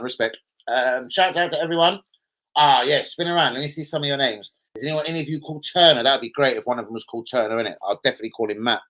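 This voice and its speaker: A young man, hosting a loose, sweary live stream and shouting out his viewers. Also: medium pitch, rough recording. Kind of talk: casual live stream chat.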